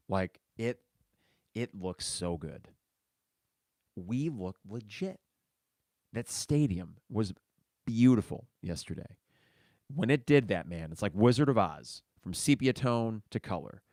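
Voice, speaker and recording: A man's voice: on the low side, no echo, clean studio sound. A man hosting a casual solo sports podcast, reading listener mail and reacting in a chatty way. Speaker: podcast host.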